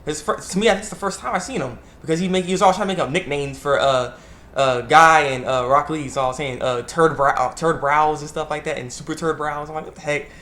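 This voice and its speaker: A man giving a casual, rambling video review, excitable and often laughing. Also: fairly high pitch, quick pace. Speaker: anime reviewer.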